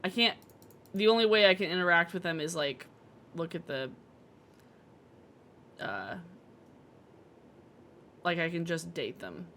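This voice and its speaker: Bright-voiced playful woman streamer. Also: on the low side, expressive, measured pace, long pauses, a little hiss or hum. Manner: playful, laughing, chatty reactions. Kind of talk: casual gameplay commentary.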